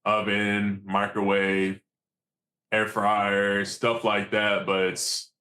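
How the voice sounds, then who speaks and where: A man, a commercial fisherman, telling stories in a casual, animated and profane way. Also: on the low side, very slow, slight background noise. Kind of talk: casual storytelling.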